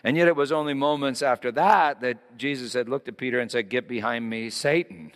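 A man preaching a sermon, reading scripture dramatically, rising loud and high in quoted lines and dropping to a hush in tender ones. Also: a little fast, few pauses. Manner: dramatic scripture reading, swelling then hushed. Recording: long hall reverb.

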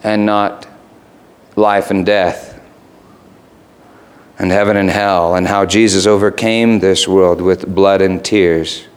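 A man's voice: deep voice, little pitch movement, slow pace, pauses often, clear, resonant tone. A man preaching a sermon in a conversational way that rises to emphatic peaks.

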